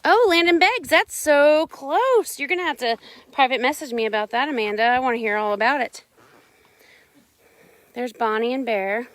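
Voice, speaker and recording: A woman's voice: high voice, moderate pace, a bit bright. A woman chatting casually on a live stream outdoors on her ranch, talking sweetly to her animals.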